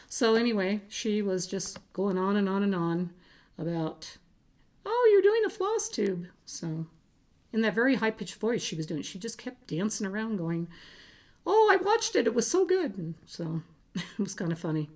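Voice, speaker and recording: A woman with a low-pitched voice chats casually to her vlog viewers. She talks in a halting, unpolished way, pausing on fillers and restarting her sentences. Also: darkish tone. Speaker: cross-stitch vlogger. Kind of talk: casual chat to camera.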